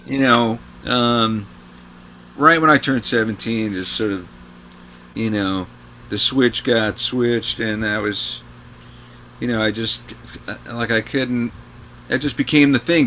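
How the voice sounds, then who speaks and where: A New York man in his sixties, a guest guitarist, tells rambling, casual anecdotes full of fillers and restarts. His voice is on the low side, measured, bright and forceful, with slight background noise.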